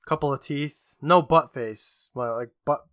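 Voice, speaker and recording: Man, podcast co-host, casual joking storyteller, bright tone. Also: on the high side, measured pace, no room sound, studio quality. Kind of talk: casual episode recap.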